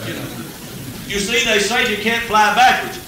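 A man's voice: sits high, expressive, moderate pace. A man preaching a folksy revival sermon. He talks with humor, chuckles often, and builds to fervent peaks. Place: church service. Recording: old echoey church tape from a distance, faint hiss.

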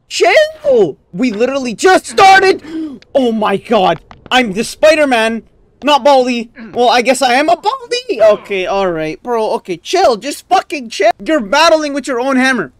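A gaming YouTuber giving let's play commentary, raging and swinging between sudden yelps and low muttering. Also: sing-song, measured pace, soft background music.

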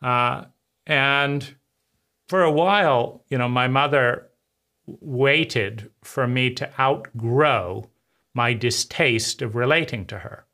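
A man giving a personal testimony about his past, talking in a bitter, intense way with halting pauses and repeated words. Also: mid-range voice, pushed and bright. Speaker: trauma survivor speaking to camera.

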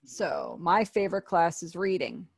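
A woman's voice: fairly low pitch, big pitch swings, measured pace, creaky, slightly rough, no echo, clean studio sound. A woman teaching an online sign language class, patiently explaining and repeating each word.

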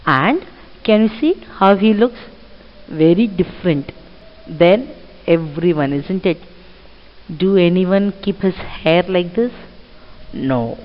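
A woman teacher, explaining a reading passage to children slowly and asking them questions. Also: lowish voice, lively intonation. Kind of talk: classroom reading lesson. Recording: muffled audio with long reverb.

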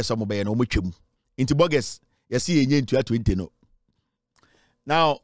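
Brief: middle-aged Ghanaian man, high voice, mocking online rant, dry close mic. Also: no echo. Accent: Ghanaian English. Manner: mocking, taunting, switches into Twi. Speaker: online commentator. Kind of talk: ranting commentary.

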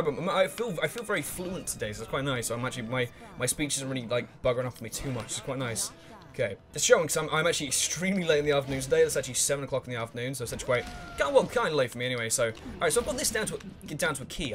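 A man commentating his own gameplay in a let's play, excitable and swearing freely, humming to himself while he thinks and shouting at the game characters. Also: medium pitch.

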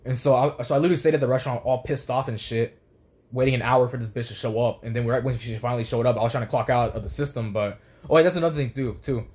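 A young man who used to work in fast food rants about the old job, heated and profane, stumbling over restarts as he rambles. His mid-range voice is steady and darkish, and he talks quickly.

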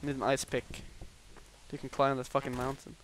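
A young man chatting over a game with a friend, laughing often and blurting out swears when excited. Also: medium pitch, a little fast. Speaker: gamer co-host. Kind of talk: casual gaming commentary.

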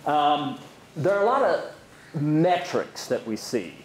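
Speaking slowly with big pitch swings in a slightly high voice, a man teaches an economics class in a university lecture hall. He quizzes listeners and uses plenty of fillers, and the room sounds echoey with faint background noise.

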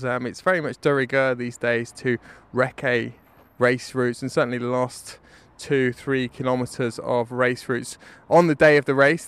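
A man's voice: mid-range voice, smooth, no echo. A man, giving a wry, rambling spoken dispatch as a correspondent. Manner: wry, rambling, self-mocking.

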